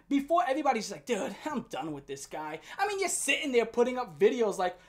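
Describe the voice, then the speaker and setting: A woman commentator in full rant mode, with a high voice that leaps all over the place. She swears freely, mocks her target and keeps the heat turned up throughout. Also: big pitch swings, brisk. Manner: heated, profane, mocking. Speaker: online commentator.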